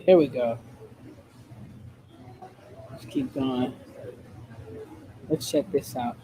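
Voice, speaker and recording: A man hosting a reaction show, talking in a relaxed, slangy, conversational way. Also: medium pitch, extremely slow, noisy background. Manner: laid-back, conversational, slangy. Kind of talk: casual commentary.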